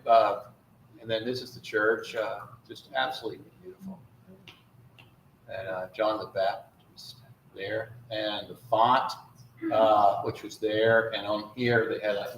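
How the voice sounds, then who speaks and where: Rambling priest in an echoey hall. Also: male voice, fairly low pitch, fairly bright tone, a little hiss or hum. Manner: chatty, rambling storyteller with many fillers. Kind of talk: informal talk to a congregation with slides. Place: church hall. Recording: echoey room, faint ambience.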